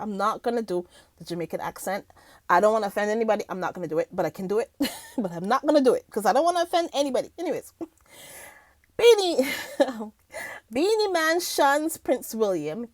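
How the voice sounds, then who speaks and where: A woman's voice: high voice, dry recording. A woman vlogger reading news aloud in casual commentary, talking to her viewers, laughing often and stumbling over words. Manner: chatty, addresses viewers as guys.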